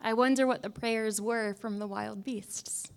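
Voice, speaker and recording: A young adult woman preaching a conversational sermon in a wry, self-mocking way, often dropping to soft asides. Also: a little high, steady tone, measured pace, creaky, smooth.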